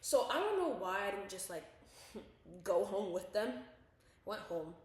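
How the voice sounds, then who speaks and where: A young woman telling a story on a casual podcast, animated and loose with her swearing. She acts out the lines people said and sits at a middle pitch. The room is very echoey. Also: unhurried. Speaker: podcast co-host.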